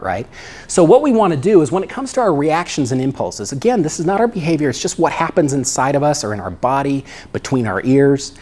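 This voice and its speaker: A man's voice: fairly high pitch, a little mellow. A middle-aged man, a psychologist, giving a conversational lecture and often checking in with "right?" and "okay?". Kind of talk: lecture talk.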